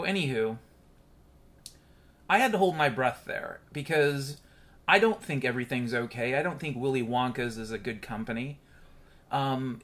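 A man's voice: medium pitch, fairly bright tone. A man hosting his own podcast in a candid, rambling monologue with frequent swearing. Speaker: podcast host.

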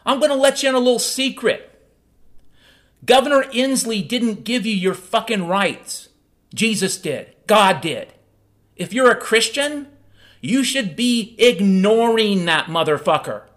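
A man hosting a podcast, delivering an angry, profane political rant that swings between loud outbursts and low muttering. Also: expressive, unhurried. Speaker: podcast host.

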